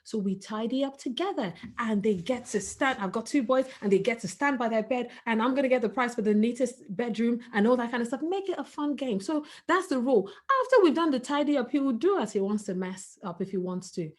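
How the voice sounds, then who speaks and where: A woman in her thirties, a guest speaker giving an animated webinar talk on parenting over a video call, often acting out quoted voices. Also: fairly high pitch, fairly quick, few pauses.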